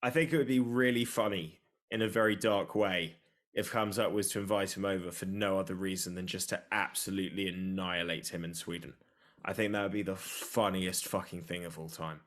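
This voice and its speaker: A man co-hosting a podcast, chatting casually and excitably about fights with a joking tone. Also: deep voice. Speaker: podcast co-host. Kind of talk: casual sports chat.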